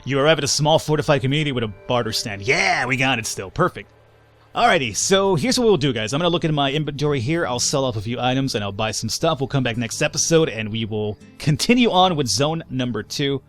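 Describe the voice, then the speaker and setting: A young man talks his way through a survival game in loose, joking commentary, swearing now and then. His voice sits at an average pitch for a man. Faint game music plays underneath. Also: expressive, fast, fairly bright tone. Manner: chatty and joking, with casual swearing. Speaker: let's play host. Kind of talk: casual gameplay commentary.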